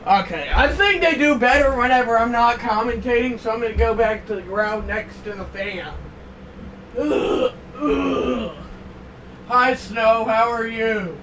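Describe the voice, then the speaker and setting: A man commentating a football video game on a live stream, excitable and breaking into shouted exclamations. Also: very high-pitched. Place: indoors, on the floor next to a fan. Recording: distant mic with fan noise.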